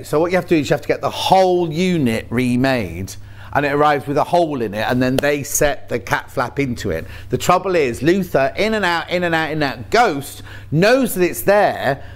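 A man's voice: fairly high pitch, animated, normal speed. A man presenting on a shopping channel, chatting in a jokey, rambling way about fabrics and his cats. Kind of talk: casual chat. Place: TV studio.

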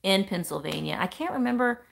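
This home live-streamer opens her mail with lots of gushing and exclamations, reading comments aloud and calling viewers by name. She talks briskly with lively intonation in a creaky, medium-pitched voice, and a little hiss or hum is present.

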